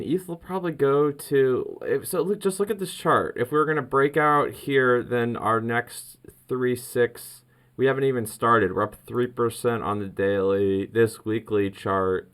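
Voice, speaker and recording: A man hosting a casual crypto vlog, rambling excitedly through trading charts with many restarts. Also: mid-range voice.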